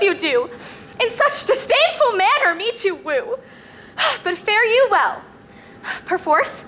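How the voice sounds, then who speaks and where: A woman's voice: very high-pitched, pushed and bright, slight background noise, full character voice. A young woman playing a lovesick, spurned maiden in a school stage play, pleading breathlessly in verse. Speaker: student actor.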